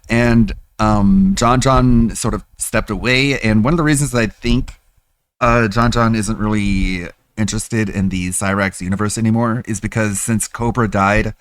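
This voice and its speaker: Man, lowish voice, dry close sound, chatty stream host, sarcastic asides. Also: no echo. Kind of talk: casual stream commentary.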